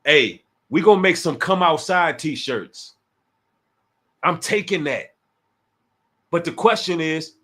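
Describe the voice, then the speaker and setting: Dc guy on a livestream, trash talking a rival and calling out his chat, voice sits kinda high. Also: expressive, takes it slowly, long pauses, a bit bright. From Washington, D.C. area. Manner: taunting, challenging, talks straight to chat. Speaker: livestream host. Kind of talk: casual livestream call-out.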